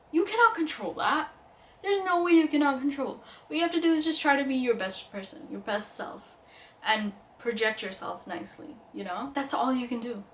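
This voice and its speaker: A woman's voice: medium pitch, fairly bright tone, slight background noise. A young woman vlogger giving casual, earnest self-help advice, chatty and full of fillers. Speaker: lifestyle vlogger. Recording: roomy echo, mic at a distance.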